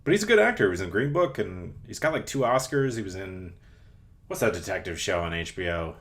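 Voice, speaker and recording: A man's voice: low voice, lively intonation, fast talker, fairly bright tone. A young man hosting a podcast, chatting casually and rambling, with frequent restarts and fillers. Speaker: podcast host. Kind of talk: casual chat.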